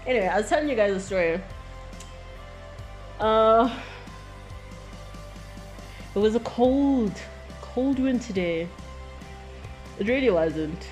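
A South African woman performs a fiery, profane spoken-word monologue, shifting between raised outbursts and low, bitter confession. She is expressive, slow-paced, and pauses often, with soft music in the background.

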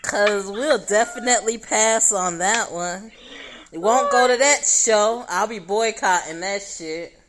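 A woman's voice: mid-range voice, a little slow, fairly bright tone. A woman co-hosting a casual podcast, bluntly teasing and objecting. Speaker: podcast co-host. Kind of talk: casual chat.

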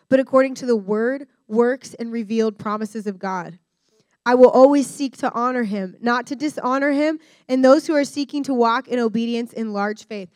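A young adult woman giving a candid, animated personal-story sermon to students as a guest speaker. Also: a little high, no echo. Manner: candid, animated storyteller who addresses the room directly. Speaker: guest speaker at a discipleship school.

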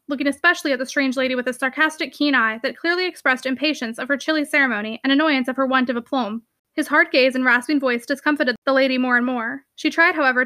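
A woman narrating a classic novel aloud with a brisk, expressive reading. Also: sits high, no echo, clean studio sound. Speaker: audiobook narrator.

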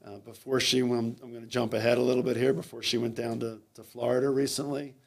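A man, a swim coach, telling stories in an interview, halting and repeating words as he goes. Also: mid-range voice, level tone, vocal fry. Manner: halting, repeats words, acts out quoted lines. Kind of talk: conversational interview storytelling.

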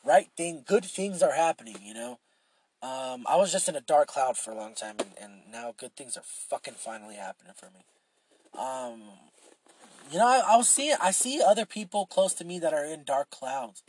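A man's voice: fairly high pitch, lively intonation, normal speed, darkish tone, husky. A young man hosting a solo podcast, rambling casually with lots of swearing and filler words. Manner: rambling and profane, with frequent fillers and restarts. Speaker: podcast host.

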